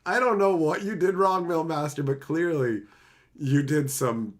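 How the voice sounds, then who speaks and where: A man from Canada streaming live, reading chat and joking crudely with lots of laughter, sometimes dropping into low, earnest advice. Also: a little slow.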